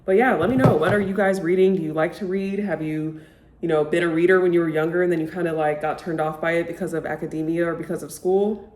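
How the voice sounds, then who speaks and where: A woman's voice: fairly low pitch, fairly even intonation, quick pace, a little mellow, a little hiss or hum. Chatty young woman in an echoey room. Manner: chatty, gushing, lots of "like". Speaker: book vlogger. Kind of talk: casual chat to camera.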